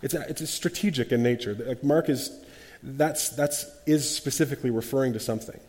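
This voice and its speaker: A man leading a group Bible study, his mellow, warm voice carrying a long reverb through the room. He talks with animation, acts out quotes and often restarts sentences. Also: medium pitch, fairly quick.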